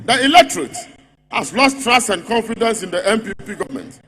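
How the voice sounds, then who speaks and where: A man's voice: high-pitched, animated, brisk, fairly bright tone, soft background music. A man with a Ghanaian English accent giving a political speech at a party congress, mocking opponents and repeating a refrain. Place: large congress hall. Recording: long reverb of a big hall.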